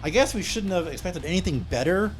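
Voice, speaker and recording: A man co-hosting a movie review podcast, chatting in a joking, relaxed way with plenty of "uh"s. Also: high voice, fast talker, soft background music. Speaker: podcast co-host, film reviewer.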